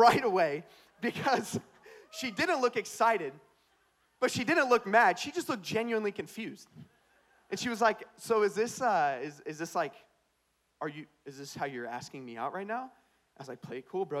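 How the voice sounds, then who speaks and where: Brisk and full of lively intonation, a young pastor tells his sermon the way a comedian tells a story about himself, in a slightly high voice. He puts on swaggering voices for quoted lines, then goes from whispered asides to loud, cheerful punchlines.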